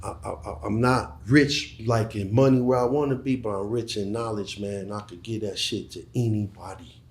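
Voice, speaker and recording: A man's voice: fairly low pitch, fairly even intonation, normal speed, echoey room, a little hiss or hum. A middle-aged man speaking as an interview guest, emphatic and profane, often repeating words as he starts a sentence. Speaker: guest, former hustler turned entrepreneur. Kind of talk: casual interview talk.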